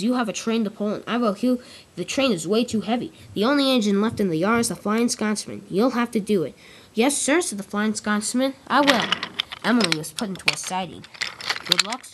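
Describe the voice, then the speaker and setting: A woman reading a train story aloud, with lively character lines between plainer narration. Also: medium pitch, heavy background noise. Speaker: storyteller reading all parts. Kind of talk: amateur read-aloud storytelling of a train tale.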